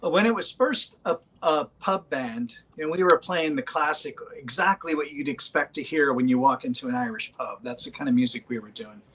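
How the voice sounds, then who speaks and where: A man with a somewhat high voice chats loosely about his band. He wanders through his thoughts, pausing often with fillers. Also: a bit bright, slightly rough, poor audio. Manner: rambling, hesitant with many ums. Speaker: band member. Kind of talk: casual interview chat.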